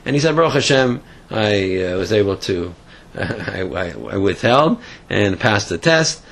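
A man telling a story and then drawing a moral lesson from it, speaking in a halting way that often repeats words. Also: lowish voice, sing-song, vocal fry, fairly bright tone. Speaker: religious storyteller and teacher.

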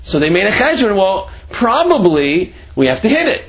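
Lively Torah teacher, man, lo-fi sound. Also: high voice, normal speed. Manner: animated, acts out quoted speech with shifting voice; conversational, many "you know" asides and restarts. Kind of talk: Torah class explaining Rashi's commentary.

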